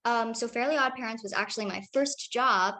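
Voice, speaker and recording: A woman's voice: a little high, fairly quick, pushed and bright. A teenage girl, a young actress, answering interview questions in a chatty, upbeat way with many fillers.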